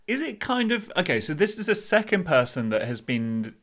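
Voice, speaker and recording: A co-host chats casually, cracking teasing jokes in a bright, sharp voice. His pitch jumps up and down freely, and he keeps the tone light. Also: big pitch swings, moderate pace. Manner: joking, teasing. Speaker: podcast co-host. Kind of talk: casual chat.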